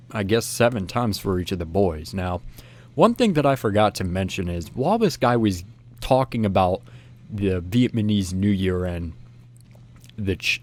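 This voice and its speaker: Young guy rambling thru a story, kinda low voice, lots of um and like. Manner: rambling, chatty, many restarts and fillers. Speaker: channel host. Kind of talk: casual storytelling.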